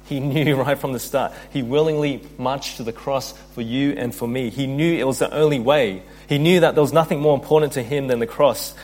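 A man's voice: mid-range voice, brisk, few pauses, darkish tone, slight background noise. Earnest man preaching a sermon. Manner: earnest preaching, reads scripture aloud, rises in intensity. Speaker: pastor.

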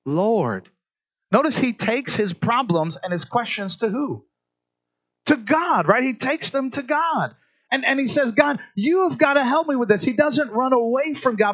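High-voiced pastor preaching conversationally. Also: male voice, a bit bright, highs cut off. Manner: conversational, asks the congregation "right?" often, stumbles over restarts. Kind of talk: sermon.

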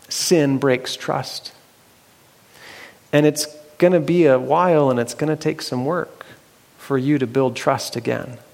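Guy telling a bible story, slow, halting, lots of echo. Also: medium pitch, gravelly. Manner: unhurried and halting, with fillers and restarts. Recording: long hall reverb.

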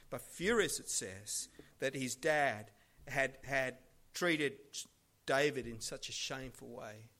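A male preacher delivering a sermon as lively storytelling that swings between hushed and loud. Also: mid-range voice. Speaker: pastor.

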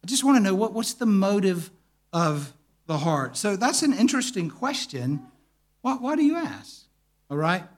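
A man giving a conversational teaching talk to a church group, animated and telling stories, often asking the listeners questions. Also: sits high, moderate pace.

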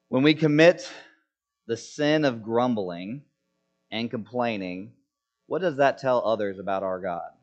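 A man delivers a sermon in an emphatic voice, pressing rhetorical questions and then dropping to a hush. His voice sits at a middle pitch. The recording is a little muffled. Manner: emphatic, rhetorical questions, swings from loud to hushed. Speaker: preacher. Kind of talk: expository sermon.

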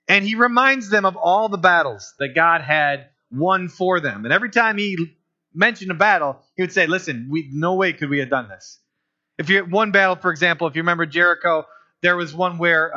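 A man's voice: high-pitched, sharp tone. A man preaching as a pastor, in a conversational style full of rhetorical questions. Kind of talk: sermon. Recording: dull lo-fi recording.

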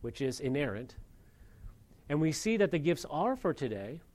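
A man's voice: fairly high pitch, very animated, normal speed, darkish tone. A man preaching a sermon, earnest and asking the congregation rhetorical questions. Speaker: pastor.

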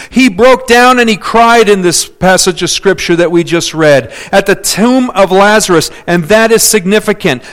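A man preaching a sermon in a somewhat high voice. He is emphatic, booming out his praise, then dropping to quiet, confiding asides as he tells his stories. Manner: emphatic, swings between loud declarations and hushed asides.

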